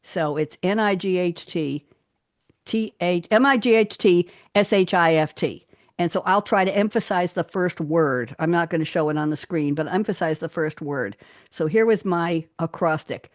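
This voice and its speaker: A woman's voice: lowish voice, normal speed, no room sound, clean studio sound. A woman guest on an interview show, chatting cheerfully, laughing often and reading her own poems aloud. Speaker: guest poet.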